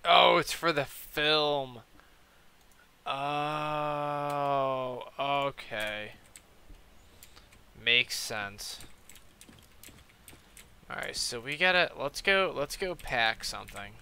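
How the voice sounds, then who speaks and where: Bright-voiced young man rambling profanely. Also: mid-range voice, very slow, gravelly, pauses often, clean tone. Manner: rambling and profane, with constant fillers. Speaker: gaming streamer. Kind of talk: casual chat while playing a game.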